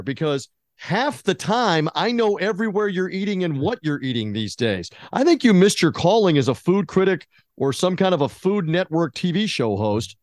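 A man's voice: fairly high pitch, dry recording, studio quality. A man hosting a sports podcast, asking his guest rambling, jokey questions in a laid-back way. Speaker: podcast host. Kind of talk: casual podcast interview.

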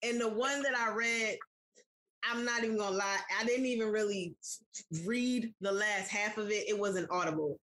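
A woman's voice: medium pitch, moderate pace, a bit bright. Woman, podcast co-host, chatty, casual, talks to listeners. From United States. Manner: chatty, addresses listeners directly. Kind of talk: casual chat.

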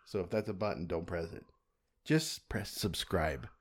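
A man's voice: low-pitched, moderate pace. A man co-hosting a podcast, telling stories in laid-back casual chat. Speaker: podcast co-host.

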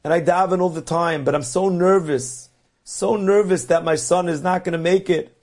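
A man's voice: sits high, steady tone, moderate pace, darkish tone. A man voicing a frightened old mother who pleads anxiously for her son in a told story.

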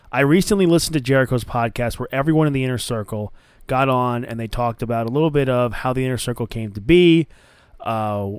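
A man's voice: medium pitch, smooth, no echo. A man hosting a podcast, retelling a match in casual chat with eager, rambling enthusiasm. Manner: enthusiastic, rambling play-by-play recap. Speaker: podcast host.

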